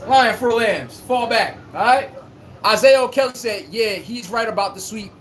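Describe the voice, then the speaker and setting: A man's voice: high voice, moderate pace, fairly bright tone. A man hosting a casual sports live stream, reading chat and trash-talking in a brash, playful way, recorded on a phone. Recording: echoey room with faint hum.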